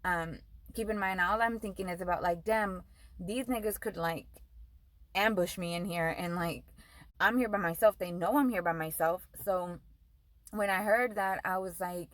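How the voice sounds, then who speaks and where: Speaking at a normal speed in a lowish voice, a young vlogger meanders through a story, dropping frequent swear words and filling her sentences with "like." The recording is dry and rough.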